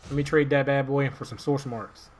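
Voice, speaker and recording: Male streamer from Maryland, relaxed rambling play-by-play. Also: medium pitch, a little fast, slight background noise. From Maryland, USA. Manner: rambling, relaxed, talks to himself while playing. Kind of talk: casual gameplay commentary.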